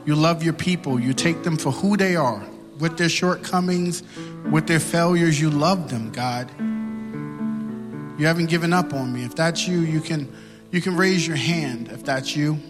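A man's voice: on the high side, normal speed, big-room sound, music in the background. A man preaching and leading an altar-call prayer, building into impassioned, repetitive pleading. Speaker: pastor.

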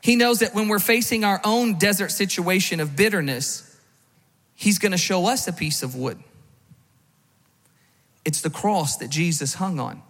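A man's voice: high voice, a little slow, pauses often, fairly bright tone, big-room sound. A man preaching a sermon as pastor, conversational, with rhetorical questions and frequent restarts. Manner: repeats words when restarting.

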